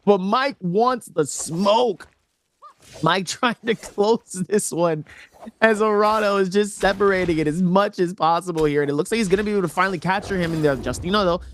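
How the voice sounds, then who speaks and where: A man casting an esports match, playful and quick to joke and laugh between plays. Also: high voice, a little hiss or hum. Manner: joking, animated, laughs often. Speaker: esports caster.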